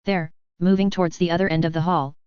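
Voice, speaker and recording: A woman reading a fan fiction story aloud in a steady, even storytelling manner. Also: lowish voice, fast talker, clear, resonant tone, no room sound. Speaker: audiobook reader. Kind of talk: fan fiction audiobook narration. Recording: dry, slightly dull home recording.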